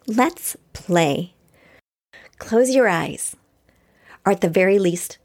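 An upbeat woman hosts her solo podcast and talks to her listeners as if they sit across from her. She reads from her own book in an encouraging, cheer-you-on way, her voice sitting at a middle pitch. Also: lively intonation, slow pace, long pauses. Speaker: podcast host.

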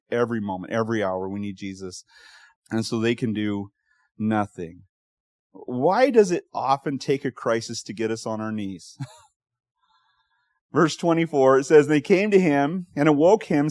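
A male pastor preaching a sermon, telling stories with animated quoted voices and frequent laughs. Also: medium pitch, no echo, studio quality. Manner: animated storytelling, laughs often, acts out quotes.

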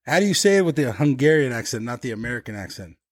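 A man's voice: medium pitch, sing-song, quick pace, no room sound, clean studio sound. A man hosting a casual podcast interview, talking in laid-back surfer slang and laughing along with his guest. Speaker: podcast host.

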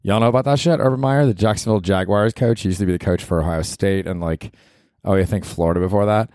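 Deep-voiced, rambling podcast host in his forties. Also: quick pace, darkish tone, no echo, clean studio sound. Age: 40s. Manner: rambling, profane, self-mocking. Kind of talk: casual solo podcast monologue. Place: apartment.

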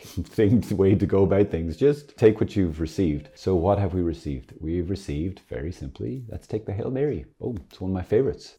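A man with a very low voice gives a relaxed Catholic teaching talk. His tone is warm, dark and mellow. He is chatty and playful, laughing now and then and correcting himself mid-sentence. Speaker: Catholic religious speaker. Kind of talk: casual religious teaching talk.

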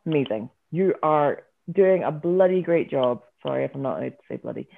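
A woman's voice: low voice, lively intonation, fairly quick, vocal fry, few pauses. A Scottish woman, a yoga teacher guest, chatting casually with many fillers and frequent laughs. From Scotland. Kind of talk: casual podcast chat. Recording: tinny phone-like line.

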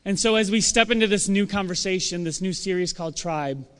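Animated young man preaching in a hall. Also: high voice, a little fast, clean tone. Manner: animated, acts out quoted voices. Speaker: church speaker. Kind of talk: casual conversational sermon. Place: church hall with audience. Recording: long hall reverb.

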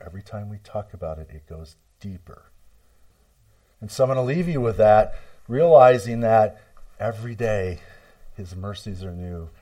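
Low-voiced, mellow preacher man. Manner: varies loudness for emphasis, repeats key words; retells a story acting out voices in quotes. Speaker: pastor. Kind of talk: sermon.

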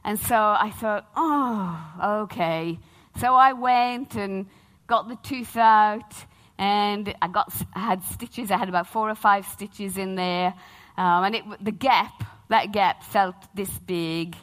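A middle-aged woman, preaching a sermon as a lively, humorous personal story. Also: mid-range voice, unhurried. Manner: animated, humorous storytelling with acted-out quotes.

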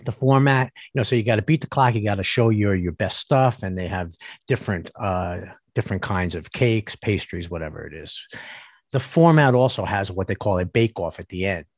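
A man's voice: fairly low pitch, no room sound. Guy ranting on his vlog, sarcastic, keeps tripping over his words, dry close sound. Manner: sarcastic, mocking asides; halting, repeats words. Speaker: vlogger. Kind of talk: ranting commentary.

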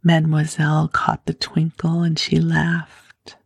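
A woman reading a classic children's story aloud in a soft, unhurried whisper. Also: sits low, completely flat delivery, gravelly, breathy edge, dry recording, studio quality.

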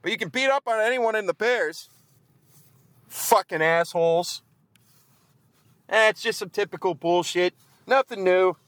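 A man's voice: high voice, unhurried, long pauses, fairly bright tone, clear, resonant tone, no echo. A man giving a profane, grumbling post-game rant as a fan vlogger. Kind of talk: ranting post-game chat. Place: outdoors in the cold.

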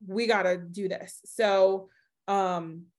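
A woman sits in as a guest on a podcast and relives a personal story in a loose, chatty way. She acts out what people said, fills pauses with little ums, and laughs easily as she goes. Her voice sits at an ordinary middle pitch for a woman. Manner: animated, laughs often while telling her story; chatty, with many fillers and acted-out quotes.

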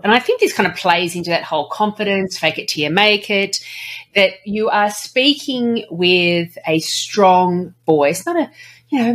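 An Australian woman co-hosting a casual advice chat, playful and quick to laugh. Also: medium pitch, a little hiss or hum. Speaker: podcast co-host.

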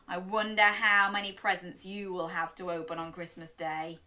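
A woman's voice: fairly low pitch, little pitch movement, moderate pace, hardly any pauses, pushed and bright. A young woman reading a children's story aloud, sing-song and encouraging, gasping and inviting little listeners to join in.

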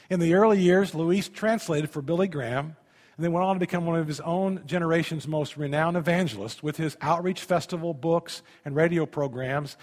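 A pastor preaching a sermon, emphatic, with sudden drops to a quiet voice. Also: male voice, a little high, in a large hall.

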